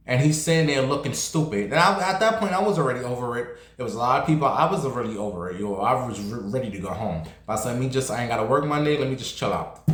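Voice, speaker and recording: A man tells a long story straight to the camera, sassy and blunt. His pitch sits in the middle, and the room around him is echoey. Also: moderate pace. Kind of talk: casual storytelling vlog.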